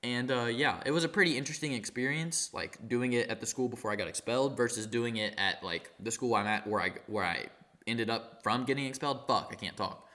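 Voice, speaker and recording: A teenage boy tells a storytime in a loose, rambling way, high and losing his train of thought. His speech is halting, packed with fillers, restarts and casual profanity, in a middle-pitched voice. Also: pushed and bright. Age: teens. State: high on cannabis. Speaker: vlogger.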